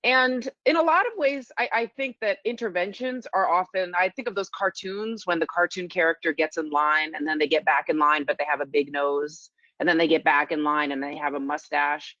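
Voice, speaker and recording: A woman physician giving her part of an online lecture, talking loosely with fillers and pauses. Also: low-pitched, pushed and bright, dry recording, dull audio. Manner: conversational, loose, with thinking fillers. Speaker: physician presenter.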